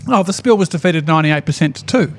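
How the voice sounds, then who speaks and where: An Australian man co-hosting a casual finance chat, telling stories quickly with wry asides. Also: fairly high pitch, slight background noise. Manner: rapid, animated storytelling with wry asides. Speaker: podcast co-host, shareholder activist.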